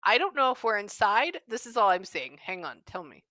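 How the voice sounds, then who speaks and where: A woman psychic medium giving a casual reading, talking fast and animated, quoting what spirits say. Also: mid-range voice, no room sound.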